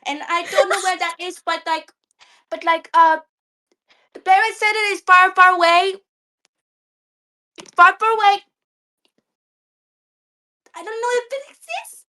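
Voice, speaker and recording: A hyper young child with a very high, piercing voice. The kid babbles fast and breathless in a sing-song lilt. It comes across like a cartoon kid. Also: female voice, sharp tone, full character voice. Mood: excited.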